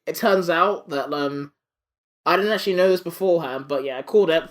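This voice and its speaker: Podcast co-host, casual chat, rambling recaps, middle pitch, swearing. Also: brisk.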